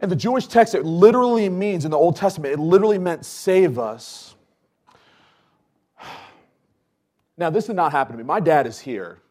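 Animated high-voiced male preacher. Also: moderate pace, pauses often. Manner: animated, storytelling, swings from loud to hushed; chatty with many fillers. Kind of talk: casual conversational sermon.

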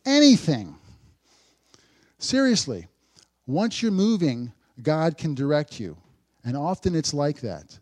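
Man preaching with wide loud-soft swings. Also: on the high side, big pitch swings, slow pace, pauses often. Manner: conversational preaching with dry sarcasm, swings from loud to hushed. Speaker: pastor. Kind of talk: sermon.

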